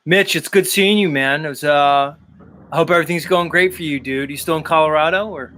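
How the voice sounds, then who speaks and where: A man's voice: a little high, sharp tone, no room sound. Laid-back, swearing male stream host. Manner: loose, swears freely, drawn-out asides. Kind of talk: casual live panel chat.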